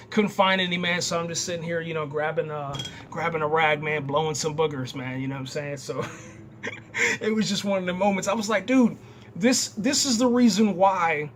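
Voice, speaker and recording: A young man excitedly recapping a TV episode in casual, slangy talk, often repeating words as he goes. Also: fairly high pitch, a little hiss or hum. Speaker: TV show reviewer.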